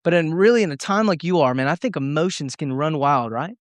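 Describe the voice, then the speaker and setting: A man's voice: a little high, lively intonation, brisk, no room sound. A young man preaching a sermon to students, telling a personal story earnestly and emotionally, with frequent restarts. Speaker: youth pastor.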